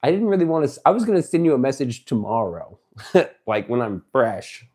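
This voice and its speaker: A man's voice: medium pitch, a little fast. Brief: male livestreamer, casual, profane joking chatter, voice swinging up and down a lot. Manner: excitable, swearing, joking banter. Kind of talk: casual livestream chat reading viewer messages.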